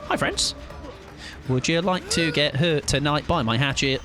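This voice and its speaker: A man voicing a teasing killer who greets his prey in a high falsetto. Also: unhurried, over music. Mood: mock-friendly. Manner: mock-friendly, gleeful.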